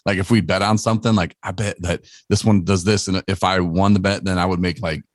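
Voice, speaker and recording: Man, lowish voice, dry sound, podcast co-host, jokey, riffs on wild scenarios. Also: steady tone, a little fast, no echo. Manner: joking, riffing on absurd scenarios. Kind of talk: casual podcast banter.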